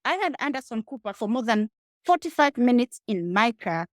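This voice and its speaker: A Kenyan-accented woman, a rideshare entrepreneur, speaks emphatically as a guest in a casual interview, addressing the listener directly. Her voice sits on the high side with a sing-song lilt at normal speed, in clean, echo-free studio sound.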